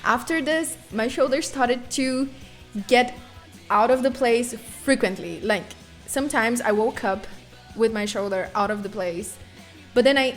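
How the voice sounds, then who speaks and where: Animated woman streamer. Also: a little high. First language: Portuguese. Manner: animated, swears freely, acts out sounds and screams. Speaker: live streamer. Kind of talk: casual storytelling to chat.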